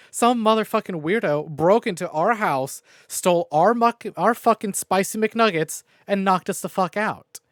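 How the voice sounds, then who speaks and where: Brief: foul-mouthed, self-mocking male streamer, lively pitch, dry close mic. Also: no echo. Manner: profane, rambling and self-mocking. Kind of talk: casual game stream recap. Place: home room. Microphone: new desk microphone.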